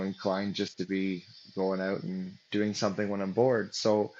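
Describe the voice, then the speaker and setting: This interview guest has a fairly low voice, heard through lo-fi sound. He rambles through his story in a casual way, full of fillers and false starts.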